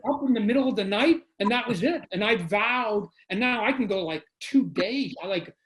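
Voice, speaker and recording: A man from Canada, a guest telling animated stories on a video call, often repeating his phrases. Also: high voice, moderate pace, rough recording. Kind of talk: casual storytelling.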